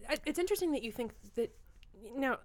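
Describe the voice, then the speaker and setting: A woman's voice: high voice, expressive, quick pace. Playful woman co-host, casual swearing. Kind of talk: casual chat.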